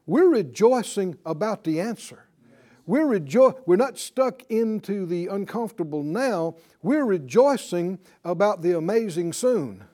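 A pastor preaches in a high, very animated voice that leaps up and down, speaking a little slowly. He keeps the sermon lively, laughing often and throwing "right?" out to his listeners.

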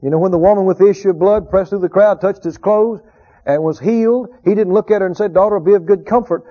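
High-voiced preacher with a husky tone. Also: male voice. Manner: emphatic, repeats key phrases, drawn-out quotes of scripture. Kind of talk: sermon. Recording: dull lo-fi recording.

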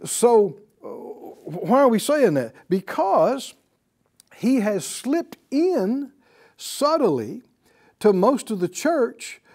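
A man's voice: extremely high pitch, sing-song, very slow, darkish tone. A man teaching a Bible class, emphatic and fond of repeating key words and asking his listeners rhetorical questions.

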